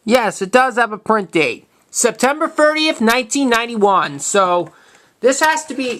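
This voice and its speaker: A man's voice: sits high, a bit bright. A man in his twenties talks through his collection for the camera in a loose, unscripted way. He often stops and restarts words mid-phrase, keeping a plain, matter-of-fact tone, and comes through a camera mic while he handles the items off-screen. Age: 20s. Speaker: video collector showing tapes. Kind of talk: casual show-and-tell vlog.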